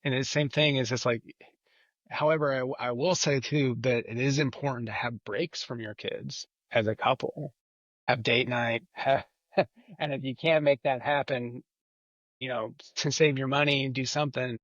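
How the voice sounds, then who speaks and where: A man's voice: mid-range voice, steady tone, moderate pace, fairly bright tone, no echo, muffled recording. A man chatting as a podcast guest, rambling and leaning on repeated filler phrases. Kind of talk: casual chat.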